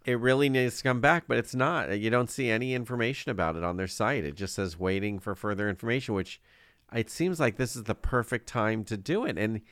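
A man co-hosting a podcast, chatting in an easygoing, conversational way. His voice sits a little low. The sound is dry and close to the mic. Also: fairly quick, fairly bright tone, no room sound. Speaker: podcast co-host. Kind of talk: casual chat.

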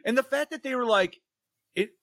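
A man's voice: very high-pitched, brisk, a bit bright, dry recording. A man hosting a casual horror movie review podcast, laughing often, swearing freely and losing his place while reading. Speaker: podcast host.

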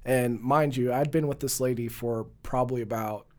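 A man's voice: medium pitch, moderate pace. A young man co-hosting a casual talk, telling a long story with lots of laughs and putting on voices for the people in it. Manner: animated storyteller, laughs often, voices people in his stories. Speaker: podcast co-host.

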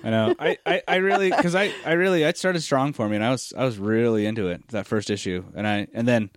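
A man co-hosting a casual podcast chat, reviewing comics in an animated, critical way with plenty of fillers and restarts. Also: mid-range voice, fast, no room sound, clean studio sound. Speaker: podcast co-host.

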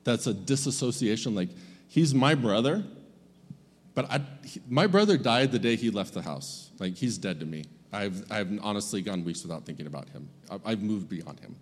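A man's voice: lowish voice, expressive, normal speed, in a large hall. A man preaching a sermon as a pastor, speaking conversationally and acting out the characters' lines.

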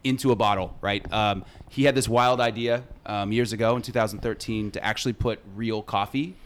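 A man guest on a podcast, talking casually and upbeat, joking with puns and giving a quick product pitch. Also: steady tone, a little hiss or hum. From San Diego. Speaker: brand ambassador guest.

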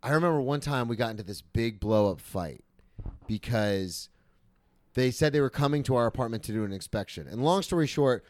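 A young man chatting casually on a podcast, spinning a story with plenty of swearing and loud acted-out quotes. His voice sits mid-range and is recorded close and dry, with no room sound. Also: medium pitch, animated, brisk, no echo. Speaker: podcast co-host. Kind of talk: casual chat.

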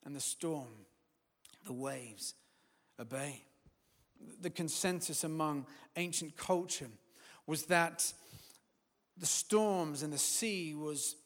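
A man delivers a sermon in a bright, forceful voice. He swells to loud, emphatic peaks, then sinks to quiet, firm words. A long hall reverb trails behind him. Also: fairly high pitch, takes it slowly, long pauses. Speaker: preacher.

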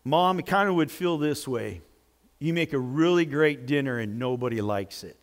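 A male pastor preaching a sermon in a jokey, animated way, with sudden loud outbursts. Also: medium pitch, normal speed.

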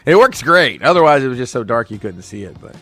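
A man's voice: mid-range voice, very animated, fast talker, bright, forceful tone. A man hosting a podcast, chatting casually and telling stories with lots of restarts. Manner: rambling, storytelling with restarts. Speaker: podcast host. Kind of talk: casual chat.

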